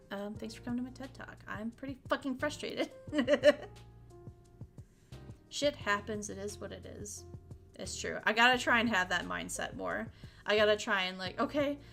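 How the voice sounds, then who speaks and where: A woman's voice: fairly high pitch, vocal fry, a bit bright. Young woman streamer, frank and sweary. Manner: frank, swears freely, laughs often. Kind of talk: casual livestream chat.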